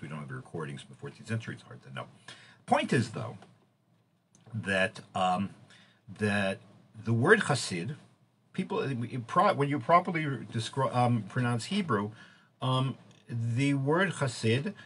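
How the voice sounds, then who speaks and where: A man giving an informal lecture, halting often with fillers and restarts as he explains. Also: on the low side, a bit bright, a little hiss or hum. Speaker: teacher.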